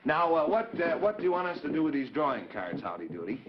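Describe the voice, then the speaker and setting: A man's voice: on the high side, very animated, fast talker, hardly any pauses, slight background noise. A man hosting a live children's TV show, genial and a little fussy as he talks to the kids. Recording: dull 1950s TV broadcast audio.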